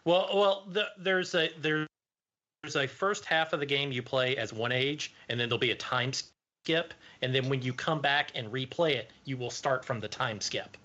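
A man's voice: medium pitch, normal speed, sharp tone. A man co-hosting a podcast in casual chat, explaining details in a patient, easygoing way. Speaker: podcast co-host.

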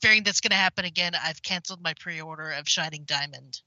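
A woman's voice: deep voice, fast talker, pushed and bright, no echo, rough recording. A woman co-hosting a gaming podcast, reading listener mail in casual chat. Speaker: podcast co-host.

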